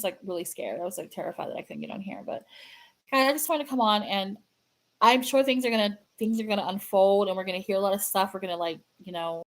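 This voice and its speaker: Halting, grieving woman vlogger. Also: on the high side, rough recording. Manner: halting, repeats herself, many fillers. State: sad, grieving. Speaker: fan channel host. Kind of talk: casual livestream chat to viewers.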